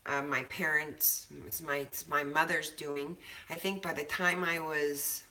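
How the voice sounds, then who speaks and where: Low-voiced woman rambling on a video call from her kitchen, bright sharp tone. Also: fairly even intonation, a little slow. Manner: chatty, swears casually, laughs often. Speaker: co-host of a cannabis show. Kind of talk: casual chat. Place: home kitchen.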